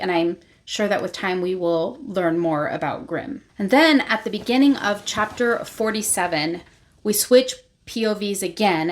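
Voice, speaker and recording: A woman hosting her own channel, giving a casual spoken recap of a novel and retelling scenes loosely with plenty of fillers. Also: mid-range voice. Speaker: book reviewer, channel host.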